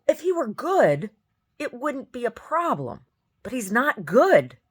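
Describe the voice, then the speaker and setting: A woman's voice: takes it slowly, breathy edge. A woman who sings tells a story in a casual, exasperated rant, often mimicking other people. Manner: animated, exasperated, mimics others in high voices. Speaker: singer.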